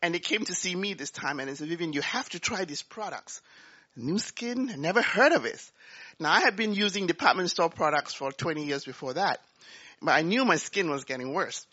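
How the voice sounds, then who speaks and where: A woman giving a talk, telling a personal story in an animated way and acting out the dialogue. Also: fairly low pitch, a little fast, breathy edge, muffled recording. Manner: animated, acts out dialogue, laughs often. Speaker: business speaker.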